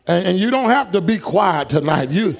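A man preaching a fervent sermon in church, rising into shouts and high whoops. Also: animated, normal speed, creaky. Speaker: pastor. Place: church sanctuary.

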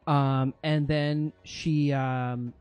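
A man's voice: mid-range voice, level tone, drawn-out words, a little mellow, clear, resonant tone, no echo, faint music behind. A man running a tabletop game as game master, narrating monster actions vividly and explaining rules, with frequent fillers.

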